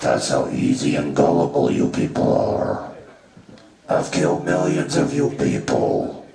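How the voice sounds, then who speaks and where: A stand-up comedian performs in character as a crude, callous male god who mocks his worshippers, with a swaggering, mocking manner. His full character voice is rumbling low, gravelly, and mellow, with lively intonation at a measured pace. It's recorded from far off in a roomy live venue with audience noise.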